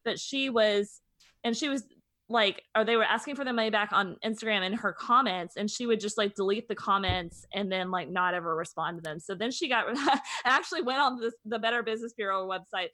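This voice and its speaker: Blunt gossipy young woman, bright voice. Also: mid-range voice, fairly quick, dry recording. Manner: gossipy, blunt, animated storytelling. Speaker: podcast co-host. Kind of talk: casual chat.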